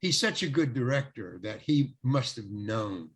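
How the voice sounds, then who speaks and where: A man's voice: mid-range voice, expressive, unhurried, breathy edge. An older man, a guest actor, rambling through showbiz anecdotes in casual talk, often restarting and acting out quoted dialogue.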